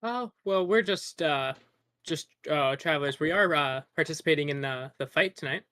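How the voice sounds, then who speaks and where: Bright-voiced hesitant man player. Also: a little high, moderate pace. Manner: hesitant, giggly, lots of fillers. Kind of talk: tabletop role-play.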